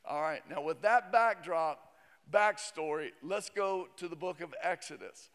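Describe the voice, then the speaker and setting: High-voiced pastor preaching in a hall. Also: male voice, a little slow, a bit bright, smooth. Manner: conversational, joking asides. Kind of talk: sermon. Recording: long reverb of a large hall.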